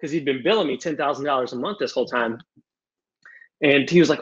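A young man answering audience questions casually on a video call, loose and animated, with some swearing. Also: medium pitch, fast talker, creaky, breathy edge. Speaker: guest speaker. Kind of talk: casual Q&A on a webinar. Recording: muffled lo-fi video call audio.

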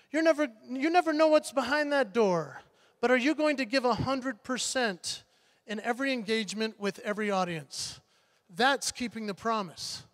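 Man, motivational speaker, high voice, animated storytelling, long hall reverb. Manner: animated, acts out voices, builds to punchlines. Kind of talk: keynote storytelling speech.

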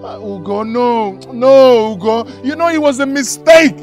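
An actor with a Nigerian accent playing a young husband who begs and shouts for his wife to come home. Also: extremely high pitch, lively intonation, measured pace, faint music behind. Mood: pleading. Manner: pleading and shouting, repetitive begging.

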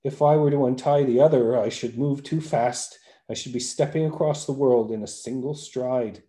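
A man voicing an earnest, one-legged hopping man who moves too fast. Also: mid-range voice, mellow, reverberant, natural voice.

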